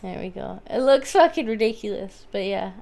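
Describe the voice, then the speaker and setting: A woman's voice: mid-range voice, expressive, moderate pace, gravelly, a little mellow. A woman chatting casually, giggling often and swearing freely. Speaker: guest. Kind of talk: casual chat.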